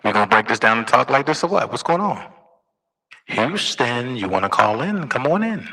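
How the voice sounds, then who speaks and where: A man's voice: mid-range voice, sing-song, moderate pace, bright, forceful tone, no room sound, studio quality. A man hosting a live call-in stream, talking in a brash, taunting, profane way. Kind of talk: casual live call-in talk.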